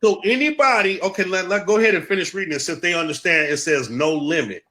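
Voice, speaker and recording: A man with a bright, ringing voice that sits a bit high delivers an emphatic livestream lecture with a Black lilt. He repeats his key points and keeps pressing the listeners. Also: quick pace. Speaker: guest presenter. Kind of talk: livestream talk.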